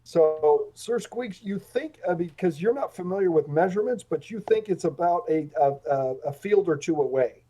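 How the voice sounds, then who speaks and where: A man running a tabletop game, his voice a little higher than most and mellow. He narrates and calls for rolls in a halting, searching way, full of fillers and restarts. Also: lively intonation, rough recording. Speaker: game master.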